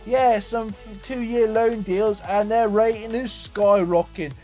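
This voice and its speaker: A young man giving jokey, excitable commentary over a football video game, swearing and exclaiming. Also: high voice, measured pace. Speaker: gaming YouTuber. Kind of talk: energetic match commentary over gameplay. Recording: faint music behind.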